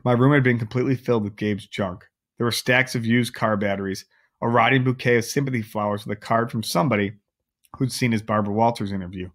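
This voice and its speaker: A man's voice: medium pitch, steady tone, fast talker. A man reading a novel aloud, adding casual chatty asides to his listeners. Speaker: audiobook reader.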